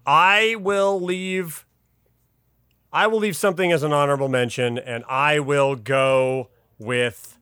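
A man's voice: mid-range voice, moderate pace, hardly any pauses, fairly bright tone, clear, resonant tone, no room sound, studio quality. A man chatting casually as a podcast panelist, joking and rambling with restarts. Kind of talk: casual chat.

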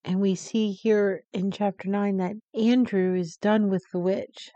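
A woman's voice: medium pitch, steady tone, mellow, no room sound, highs cut off. A woman co-hosting a podcast, chatting about a book and agreeing often. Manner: agreeable, quick affirmations. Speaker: podcast co-host. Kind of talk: casual book discussion.

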